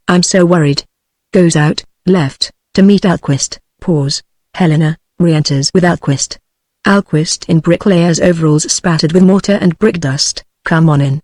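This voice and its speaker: A text-to-speech voice of a woman with a British English accent, reading a stage play aloud in one even voice, speaker names and stage directions included. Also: on the low side, no room sound, clean studio sound. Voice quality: even synthetic delivery with no change between characters.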